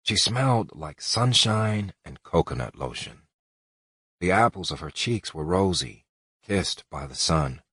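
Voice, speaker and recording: A man narrating a romance audiobook in the first person, calm and measured. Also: low voice, slightly rough, no room sound, studio quality.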